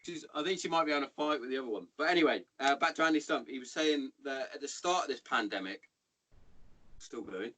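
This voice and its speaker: A man in his thirties with an English accent, hosting a podcast in casual, sweary, animated chat. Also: medium pitch, fast talker, low-quality recording. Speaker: podcast host.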